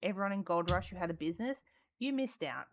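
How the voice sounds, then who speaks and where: Woman, Australian accent, low-pitched, casual podcast chat, swears, um-filled. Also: animated, quick pace. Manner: chatty, swears freely, many ums, laughs often. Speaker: podcast guest, roleplayer.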